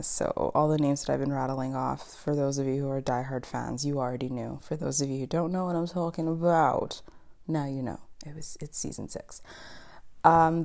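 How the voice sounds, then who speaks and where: A woman's voice: deep voice, vocal fry, dark tone. A young woman from East Africa hosting a casual, chatty TV recap show, talking animatedly with frequent laughs and ums. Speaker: podcast host.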